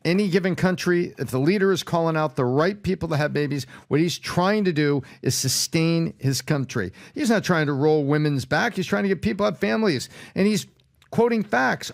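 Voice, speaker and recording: Emphatic man, fairly high voice. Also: fairly quick, vocal fry. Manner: emphatic, repeats key words for force. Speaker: real estate panelist. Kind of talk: casual talk show discussion.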